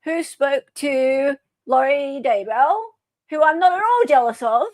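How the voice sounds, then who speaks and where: A woman's voice: high-pitched, measured pace, a little mellow, no room sound. An Australian woman hosting casual true crime commentary, chatty and sarcastic.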